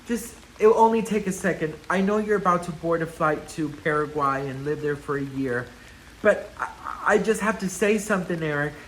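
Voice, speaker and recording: A man's voice: fairly high pitch, normal speed, a bit bright, a little hiss or hum, close to an everyday voice, poor audio. A man playing a heartbroken woman star pleading with her ex in a melodramatic, breathless way.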